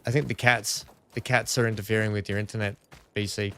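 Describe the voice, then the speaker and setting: Hosting a multiplayer stream, an Australian man chats casually and briskly with his teammates, full of questions and quick to laugh. His voice is fairly low and a bit bright with little pitch movement, and there's slight background noise.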